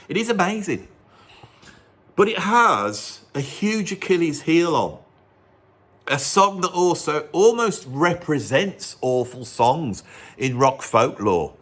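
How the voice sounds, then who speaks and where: A man presenting a music video in an animated, rambling storytelling monologue. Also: a little high. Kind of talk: casual monologue.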